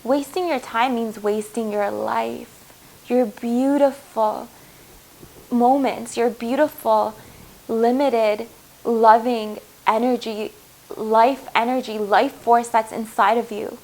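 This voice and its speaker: A woman's voice: on the high side, steady tone, slow, darkish tone, rough recording. A woman giving a heartfelt spiritual tarot reading, earnest and reassuring, speaking to viewers as her loves. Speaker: tarot reader.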